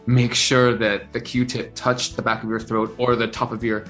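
Guy telling a story all animated, lots of uh and um, soft music underneath. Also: mid-range voice, moderate pace. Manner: animated storyteller, many fillers and restarts. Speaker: interview guest, singer-songwriter. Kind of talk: casual phone-style chat.

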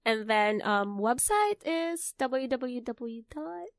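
A woman's voice: fairly high pitch, slow, no room sound, studio quality. Giggly woman. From Philippines. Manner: giggly, animated, laughs often. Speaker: guest. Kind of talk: casual interview chat.

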